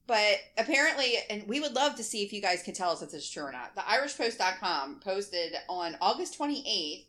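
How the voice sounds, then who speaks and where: A woman's voice: medium pitch, big pitch swings, fairly quick, fairly bright tone. A woman co-hosting a podcast in casual chat, laughing often and reading news aloud. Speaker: podcast co-host.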